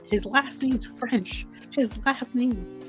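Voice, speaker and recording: A young woman co-hosting a podcast, chatting casually with a friend, animated and laughing, swearing freely. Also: fairly high pitch, slow pace, music in the background. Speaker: podcast co-host. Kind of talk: casual chat between friends.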